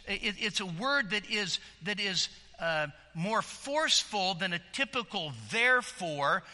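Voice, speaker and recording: A man's voice: sits high, bright, forceful tone, big-room sound. A man preaching a sermon in an earnest, emphatic way, often repeating words as he builds a point.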